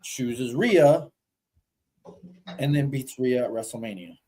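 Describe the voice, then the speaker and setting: A man's voice: medium pitch, takes it slowly, warm tone, a little hiss or hum, rough recording. A man co-hosting a podcast, telling stories animatedly and swearing casually. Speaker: podcast co-host. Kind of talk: casual chat.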